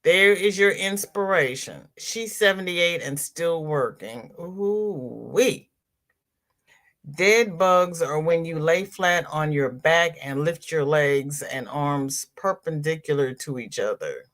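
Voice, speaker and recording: Southern woman host, slow, bright voice, chatty, repeats herself. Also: low voice. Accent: Southern American. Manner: chatty, repeats herself, greets viewers by name. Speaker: crochet livestream host. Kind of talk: casual livestream chat reading comments.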